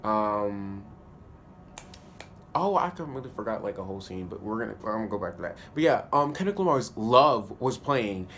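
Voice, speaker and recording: A man giving a casual spoken review of a TV episode, animated and slangy, often laughing. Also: on the low side, normal speed, slight background noise. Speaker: TV show reviewer.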